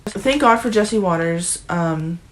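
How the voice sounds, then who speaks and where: A woman's voice: fairly low pitch, lively intonation, slow pace. Young woman, vlogger, profane, emotional rant, near tears. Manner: profane, emotional, ranting, restarts often. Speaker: political commentary vlogger. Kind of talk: angry political rant vlog.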